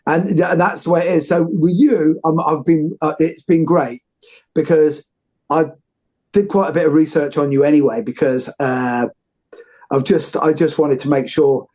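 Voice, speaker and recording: Man, interview host, husky, rambling, raised pitch. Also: steady tone, normal speed, a little mellow. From United Kingdom. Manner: effusive, rambling, many restarts. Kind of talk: casual interview chat.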